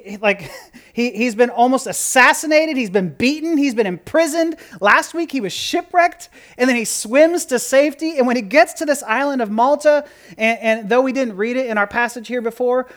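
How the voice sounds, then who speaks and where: A pastor giving a casual, joking sermon, moving from quiet asides to loud outbursts. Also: medium pitch.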